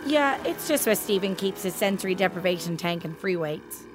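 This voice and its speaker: An actress playing a sarcastic young alien daughter with a dry, snarky delivery. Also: female voice, fairly low pitch, animated, normal speed, loud music behind the voice, lightly acted.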